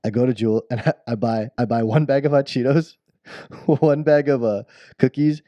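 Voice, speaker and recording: In a lo-fi recording without echo, a man co-hosting a podcast tells a childhood story in casual chat at normal speed, his medium-pitched voice warm and steady. He rambles, breaks off mid-thought, and laughs at himself.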